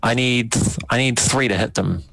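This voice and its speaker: A man's voice: medium pitch, normal speed, gravelly, a bit bright, no room sound, poor audio. A man playing a tabletop game, talking casually and hesitating while he checks his rules. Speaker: player.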